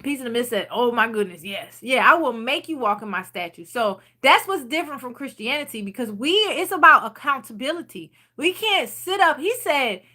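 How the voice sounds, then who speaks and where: A woman with a high, bright voice talks casually to her viewers about faith. She rambles freely and stops to read out their comments. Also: animated, moderate pace, hardly any pauses. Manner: chatty and rambling, reading viewer comments aloud. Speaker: channel host leading a Bible study.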